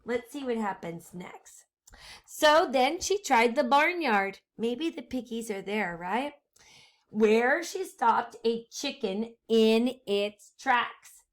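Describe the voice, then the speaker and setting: A woman teacher reads a picture book aloud to her class, slow and unhurried, her voice sitting on the higher side. She stays animated, stops often to quiz the children, and drops into hushed asides.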